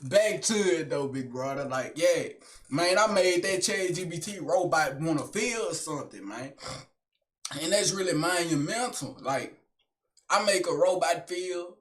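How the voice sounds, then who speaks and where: A young man rambles through a joking solo monologue, full of street slang. His talk is animated and loose, and it swings between hype and mumbling asides. His voice sits high for a man. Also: unhurried. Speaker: vlogger. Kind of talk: casual comedic monologue.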